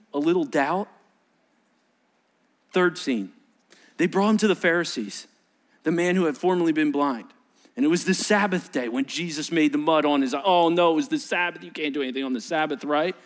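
A middle-aged male pastor preaching a sermon, animated, acting out voices from the story and often repeating himself. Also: fairly high pitch.

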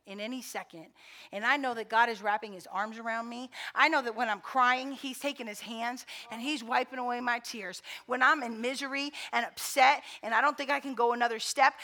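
Very high bright woman pastor preaching. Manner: conversational storytelling preaching; swells to loud fervent repetition. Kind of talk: sermon.

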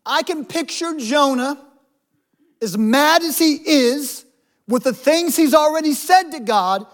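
A man's voice: very high-pitched, lively intonation, slow pace. A man preaching a sermon as a pastor, in a conversational way with humorous asides.

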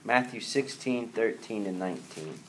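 A man's voice: on the low side, moderate pace, slight background noise. A man teaching a Catholic Bible class to a room of students, talking in a conversational way with rhetorical questions.

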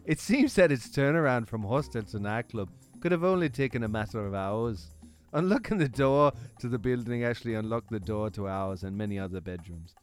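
A man's voice: medium pitch, expressive, a little fast, faint music behind, natural voice. A man reading a hotel complaint in a put-on British accent, as a stiff male reviewer. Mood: prim. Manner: reading a complaint aloud, stifled laughs.

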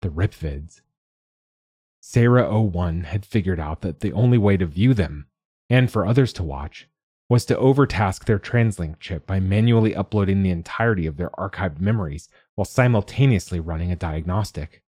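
Low husky male story narrator. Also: expressive, moderate pace, warm tone, no echo. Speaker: podcast narrator. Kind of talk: scripted narration of a short story.

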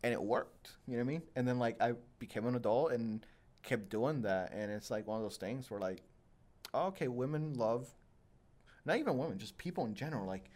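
A young man chatting casually on a podcast, wandering from story to story and poking fun at himself. His voice sits at an ordinary middle pitch, and his talk is full of fillers and restarts. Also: brisk, a little mellow. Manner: rambling, self-deprecating storytelling with many fillers. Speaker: podcast host. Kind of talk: casual chat.

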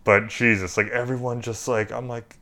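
A man's voice: medium pitch, little pitch movement, normal speed, bright, forceful tone. A man co-hosting a casual movie review podcast, rambling and joking with many fillers. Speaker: podcast co-host.

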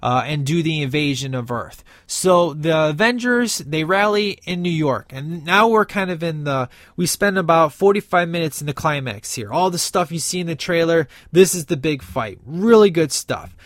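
Excited man rambling through a movie recap. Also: fairly high pitch, normal speed, hardly any pauses, dry recording, studio quality. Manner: enthusiastic, rambling with many fillers. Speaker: movie reviewer. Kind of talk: casual spoiler review.

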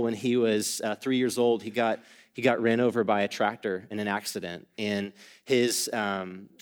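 A man preaching a sermon as pastor in a church, earnest, repeating and restarting phrases, his voice swelling louder and higher at the peaks and dropping quiet between them. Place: church sanctuary.

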